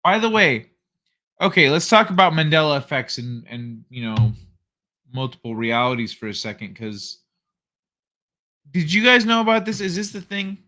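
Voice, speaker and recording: A man's voice: on the high side, sing-song, moderate pace, long pauses, bright, forceful tone. A man hosting a casual late-night reaction show, laid-back, laughing often and swearing freely. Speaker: host.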